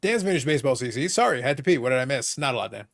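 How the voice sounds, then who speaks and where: Fast, lively man hosting a livestream. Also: medium pitch, gravelly, no room sound, studio quality. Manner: quick, joking banter. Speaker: livestream host. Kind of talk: casual chat reading viewer comments.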